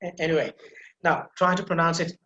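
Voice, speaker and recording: A man's voice: fairly high pitch, fairly even intonation, a little fast, sharp tone, lo-fi sound. Man teaching pronunciation in an echoey room. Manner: explains step by step, repeats key points, many fillers. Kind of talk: online pronunciation lecture.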